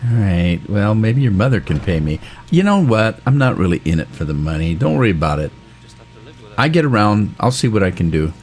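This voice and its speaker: A man's voice: low voice, expressive, brisk, a little mellow, soft background music. A man playing a game and joking along with the characters in a wisecracking way. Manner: wisecracking, talks back to characters. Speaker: gamer doing a let's play. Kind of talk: joking let's play commentary.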